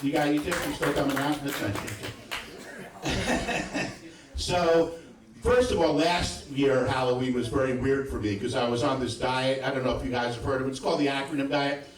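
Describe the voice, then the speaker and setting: A man's voice: mid-range voice, steady tone, moderate pace. A man doing a live stand-up set, telling profane stories with frequent asides to the crowd. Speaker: stand-up comedian. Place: comedy club stage. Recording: echoey club sound from a distant mic.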